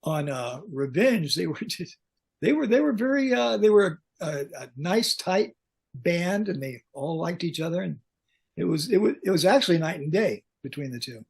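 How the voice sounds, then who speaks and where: An older man, a concert pyrotechnics veteran, telling lively backstage stories as a podcast guest and acting out the lines he quotes. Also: a little high, normal speed, gravelly, breathy edge. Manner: animated anecdotes, acts out quoted lines. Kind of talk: storytelling in a podcast interview.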